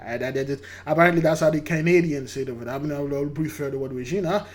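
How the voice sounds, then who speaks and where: Older male host, somewhat high-pitched; stumbles and repeats himself in casual commentary. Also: fast talker. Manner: rambling, stammering, repeats words, laughs at himself. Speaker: channel host. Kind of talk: casual commentary on a news clip.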